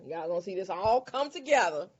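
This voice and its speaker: A woman hosting a casual makeup class, chatting and explaining products in a lively way, repeating herself as she talks. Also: medium pitch, brisk, breathy edge, lo-fi sound. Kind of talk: casual makeup tutorial chat.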